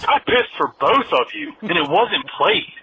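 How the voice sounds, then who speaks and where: Bright jokey male caller on voicemail. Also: high voice, a little slow, slightly rough. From Virginia. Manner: jokey, deadpan self-mocking. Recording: muffled phone voicemail with faint noise.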